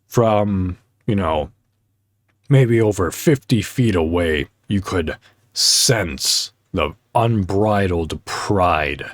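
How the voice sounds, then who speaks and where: Male podcast host, deep and slow, casual heartfelt chat with lots of ums, dry recording. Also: animated, dry recording. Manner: halting, many fillers, heartfelt storytelling. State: choked up.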